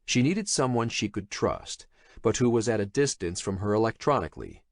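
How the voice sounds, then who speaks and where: A male narrator reading a thriller audiobook in a measured, expressive storytelling manner. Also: fairly low pitch, no room sound, studio quality. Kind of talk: scripted horror thriller narration.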